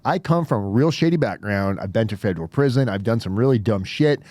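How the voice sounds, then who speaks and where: A man's voice: lowish voice, animated, brisk, darkish tone, no echo. Brief: man, interview host, heated and blunt, cursing freely, dry close sound. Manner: heated, blunt, swears often. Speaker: podcast host. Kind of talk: casual interview talk.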